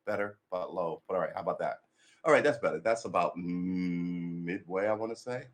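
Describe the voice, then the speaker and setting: A man's voice: low voice, a little fast. A man chatting casually and rambling on his morning livestream, tired and a bit cranky, with lots of sighs and restarts. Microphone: desk mic being adjusted.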